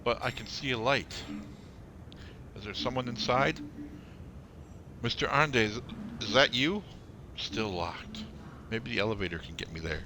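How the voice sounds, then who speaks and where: A man's voice: medium pitch, a little slow, long pauses, noisy background. A man streaming a game, reading all its dialogue aloud in his own voice, stumbling over words now and then, with the hiccups. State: has the hiccups.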